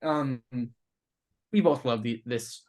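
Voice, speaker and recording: A young man co-hosting a podcast, chatting casually in a relaxed, hesitant way with many fillers. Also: mid-range voice, takes it slowly. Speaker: podcast co-host. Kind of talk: casual chat.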